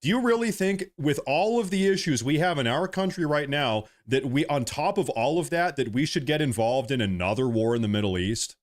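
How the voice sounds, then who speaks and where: Young male streamer, mid-pitch, heated and repetitive political rant, occasional swearing. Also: lively intonation, fairly quick, hardly any pauses. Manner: passionate ranting, repeats himself, swears. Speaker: political commentator livestreaming. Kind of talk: heated livestream monologue.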